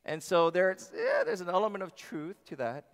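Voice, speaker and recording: A male pastor preaching a sermon in a church, emphatic, swinging between loud passages and soft ones. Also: high voice, huge pitch swings, moderate pace. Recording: long reverb of a large hall.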